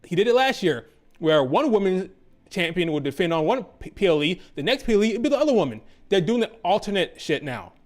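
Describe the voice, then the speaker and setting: Man, high pitch, profane, exasperated, sarcastic rant, commentary. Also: very animated, brisk. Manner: profane, exasperated ranting with sarcastic mock quotes. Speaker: wrestling commentator. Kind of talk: ranting commentary.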